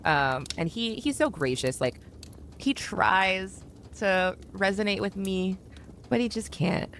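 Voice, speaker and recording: A woman's voice: mid-range voice, lively intonation, slow pace, fairly bright tone, a little hiss or hum. A woman talking openly as an interview guest, rambling a little with many fillers. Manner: open, rambling with frequent fillers. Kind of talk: candid interview talk.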